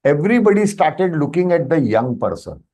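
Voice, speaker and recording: A man's voice: on the high side, moderate pace. A man with an Indian English accent teaching Sanskrit in an online class, explaining patiently and checking with students, slipping into Hindi phrases. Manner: animated explaining, often checks with "Am I right?".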